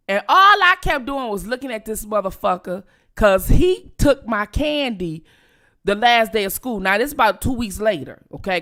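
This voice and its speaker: Animated, profane storytelling woman. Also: medium pitch. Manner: profane, animated, addresses viewers directly. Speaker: vlogger. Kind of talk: casual storytelling. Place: at home.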